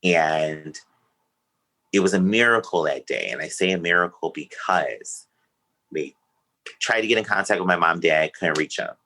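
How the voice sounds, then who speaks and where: Man, very low voice, sharp edge, earnest, emotional, personal story, podcast interview. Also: expressive, moderate pace, long pauses, rough recording. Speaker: podcast guest.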